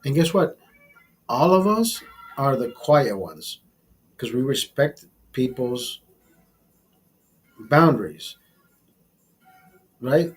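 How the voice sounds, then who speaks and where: A man casually telling a profane story in a vlog, animated and blunt. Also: mid-range voice, slow pace, pauses often, low-quality recording. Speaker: vlogger.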